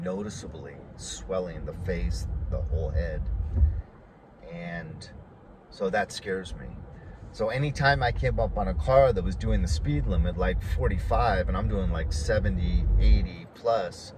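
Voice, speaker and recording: Low-voiced man rambling through a story. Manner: rambling, full of fillers and restarts. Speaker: vlogger telling a story. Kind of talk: casual storytelling. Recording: clear outdoor traffic noise behind.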